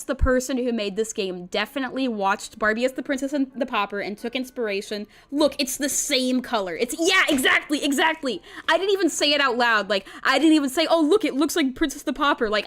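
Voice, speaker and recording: A young woman streaming a visual novel, reading the characters' lines aloud and reacting with giggly, animated commentary. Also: sits high.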